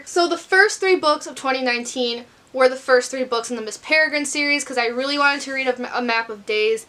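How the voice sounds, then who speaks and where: A woman's voice: a little high, bright, forceful tone. A young woman in a casual, rambling chat to camera about books, filming on her bedroom floor at night. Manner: chatty, rambling, self-deprecating. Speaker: book vlogger.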